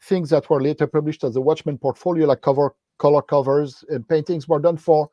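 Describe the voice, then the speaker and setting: A man in his fifties tells anecdotes in a loose, rambling way, full of fillers and restarts. His voice is mellow and dark, with a fairly high pitch. It comes through a dull, lo-fi remote recording. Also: fairly even intonation, brisk, dry recording. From France. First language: French. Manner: rambling, many fillers and restarts, laughs while telling stories. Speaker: guest comics artist. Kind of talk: casual anecdotal interview.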